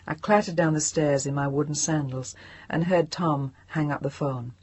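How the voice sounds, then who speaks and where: A woman's voice: deep voice, fairly even intonation, moderate pace, darkish tone, breathy edge, dry recording. A woman narrating a novel in the first person, sounding tense and shaken. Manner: tense, shaken, breaking into whispers. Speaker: audiobook narrator.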